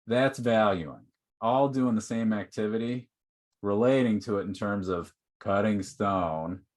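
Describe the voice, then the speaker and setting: A man gives a relaxed online teaching talk, checking in often with "okay?" between points. His voice sits very low in pitch. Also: measured pace. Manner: conversational, uses many fillers like "like" and "okay". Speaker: workshop presenter.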